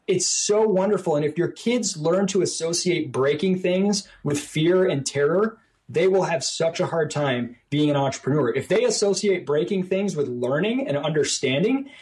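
Man guest on a podcast, fairly high voice, lively and talky, into a mic. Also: moderate pace, few pauses. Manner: animated, acts out quoted voices at higher pitch. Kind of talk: casual conversational talk. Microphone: podcast microphone.

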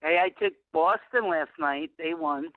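A man's voice: a little high, a little slow, no room sound. An older man calling in to a talk show, rambling and friendly, often mixing up his picks, heard over a phone line. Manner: rambling, friendly, mixes up games. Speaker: caller. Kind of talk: phone-in chat.

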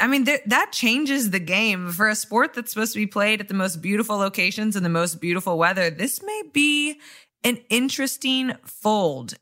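A woman's voice: mid-range voice, bright, forceful tone. A woman from the American Midwest hosting a podcast in easygoing casual chat, laughing often. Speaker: podcast host.

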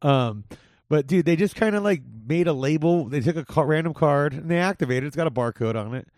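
A man's voice: on the high side, animated, fairly quick, darkish tone, no room sound, studio quality. A young man hosting a podcast in casual chat, laid-back and profane, calling his guest dude. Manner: laid-back, swears a lot, says dude often. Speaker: podcast host. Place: home in Las Vegas.

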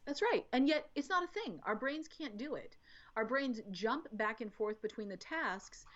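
A woman guest talking about parenting in a casual podcast chat, explaining in an animated way and acting out little quotes. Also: a little high, moderate pace. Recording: dull lo-fi audio.

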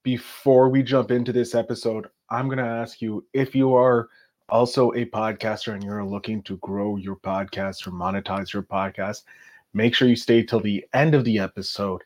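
A man hosting a podcast, upbeat and salesy as he pitches offers and introduces his guest. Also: fairly even intonation, moderate pace, darkish tone. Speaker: podcast host.

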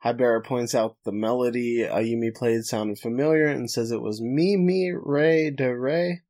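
For a podcast, a man recaps an anime episode in a medium-pitched, darkish voice at an unhurried pace. It's casual recap chat: he narrates the plot, then jokes and laughs between summaries.

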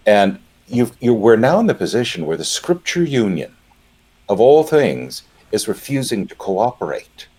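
A man's voice: mid-range voice, very animated, measured pace, darkish tone, slightly rough. A man giving impassioned commentary, indignant and emphatic. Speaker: panelist.

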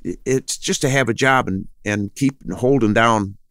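An older man who speaks slowly and unhurriedly in a lowish, smooth voice. He rambles through his stories with halting restarts and briefly mimics the people he quotes. The sound is close and dry. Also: fairly bright tone, dry recording. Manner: acts out others' voices in quotes. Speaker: guest. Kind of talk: interview storytelling.

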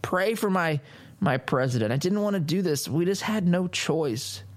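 A man voicing a mocked, self-pitying female politician in a pleading, whimpering falsetto. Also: expressive, normal speed. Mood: mocking whine.

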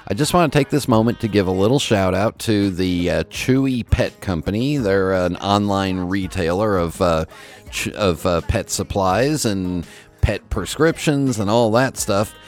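A man's voice: lowish voice, a little slow, soft background music. A man hosting a podcast, talking casually and rambling with many fillers. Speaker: podcast host. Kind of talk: casual solo podcast talk.

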